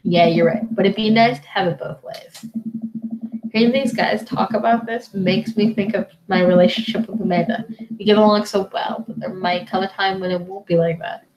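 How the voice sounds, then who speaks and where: A woman's voice: medium pitch, steady tone, moderate pace, darkish tone, soft background music, rough recording. A woman reading and joking through a dating game in casual let's play commentary, laughing at herself. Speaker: gamer playing a dad dating sim.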